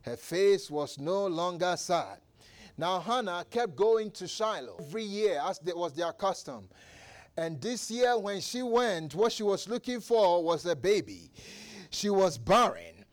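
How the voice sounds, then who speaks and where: A male preacher giving an impassioned sermon, retelling a story with lots of repetition. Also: high-pitched.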